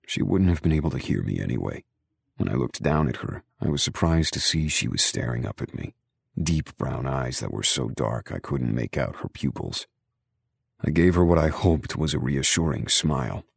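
Male audiobook narrator, very low and husky, steady measured first-person reading, dry close recording. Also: dry recording.

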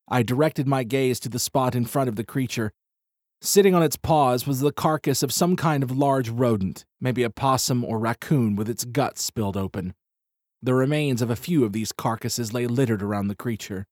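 A man reading a first-person story aloud in a measured, wry way. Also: medium pitch, a little mellow, dry recording, studio quality. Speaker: audiobook narrator. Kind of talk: first-person audiobook narration.

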